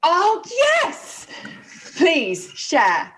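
A woman's voice: very high voice, huge pitch swings, drawn-out words, a bit bright. A woman co-hosting a podcast, teasing and laughing often in casual chat. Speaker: podcast co-host.

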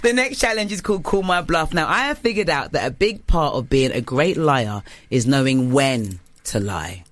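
A woman hosting a relaxed quiz round, her voice swinging up and down with plenty of bounce. She giggles often and laughs at her own slips. The sound is close and dry, with no room around it. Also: low-pitched, moderate pace, few pauses, no echo. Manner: giggly, self-mocking. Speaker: quiz host. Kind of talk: casual podcast game hosting.

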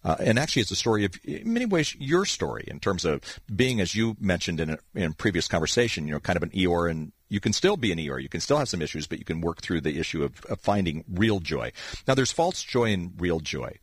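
A male interviewer with a very low, husky voice whose pitch moves a lot. He asks long, rambling questions, and the sound is dry and close. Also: very animated, brisk, no room sound. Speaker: interview host. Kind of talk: conversational interview.

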